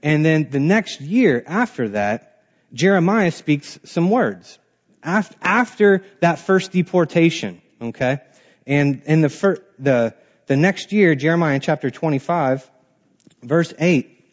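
A man's voice: on the high side, expressive, a little slow, lo-fi sound. A man teaching a Bible class in a casual way, reading scripture aloud and then explaining it in plain words.

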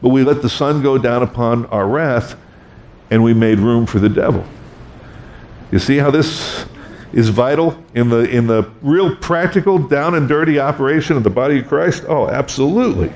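A man's voice: mid-range voice, moderate pace, darkish tone, slight background noise. A middle-aged man preaching a sermon, conversational and self-deprecating, acting out quoted voices. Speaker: pastor.

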